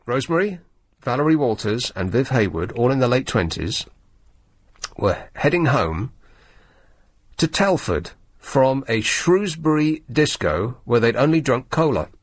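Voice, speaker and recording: A man's voice: medium pitch, big pitch swings, a little slow, dry recording. A male radio host in a studio, reading a newspaper story aloud with sarcastic, wry asides. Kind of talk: late-night radio talk, reading the paper aloud. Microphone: studio microphone.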